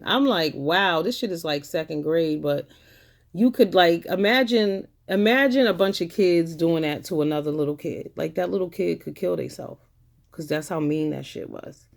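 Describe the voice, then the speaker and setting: Vlogger with a raspy, gravelly edge and a mid-range pitch; casual, blunt, indignant rant.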